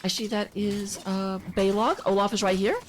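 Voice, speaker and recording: A woman's voice: mid-range voice, little pitch movement, normal speed, noisy background. A woman casting a live online game match, giving chatty play-by-play with self-deprecating asides. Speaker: esports caster.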